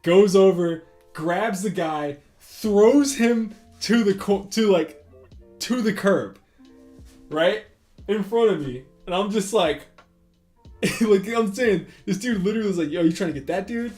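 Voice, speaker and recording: Here a man with a high voice talks slowly, drawing on stream as he retells a crude, wandering anecdote full of fillers and quoted dialogue. The delivery is animated and casual. Faint guitar plays in an echoey room.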